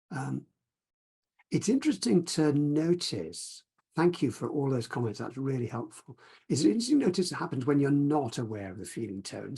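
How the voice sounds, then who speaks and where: Male meditation teacher, soft and reflective, slightly breathy mellow tone, video-call sound. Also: mid-range voice. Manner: gentle, reflective, unhurried. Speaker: mindfulness teacher. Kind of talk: teaching talk with guided practice.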